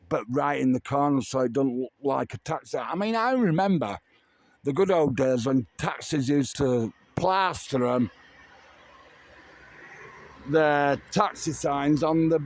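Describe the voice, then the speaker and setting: A tipsy middle-aged man, rambling and swearing casually through a vlog monologue. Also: on the high side. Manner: meandering, swears casually, slow drawl. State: tipsy from drinking. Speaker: vlogger. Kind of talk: rambling late-night monologue.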